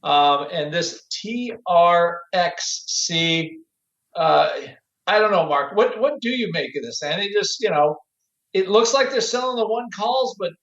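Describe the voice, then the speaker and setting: A man chats casually as a podcast co-host, laughing through his sentences. His voice sits high. The sound is roomy and echoey. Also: animated, a little slow, fairly bright tone, lo-fi sound. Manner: giggly, laughing often. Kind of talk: casual chat.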